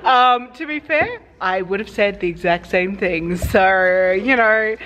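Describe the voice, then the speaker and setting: A woman's voice: medium pitch, slow pace, fairly bright tone, a little hiss or hum. An Australian woman vlogging casually to camera as a cosplay guest, bubbly and giggly, a little tired. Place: busy convention venue, indoors. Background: crowd chatter.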